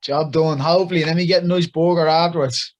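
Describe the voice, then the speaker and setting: A man's voice: fairly high pitch, fairly even intonation, fast. A young man with an Irish accent, a boxer chatting casually and upbeat as an interview guest. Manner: chatty and upbeat, full of praise for others.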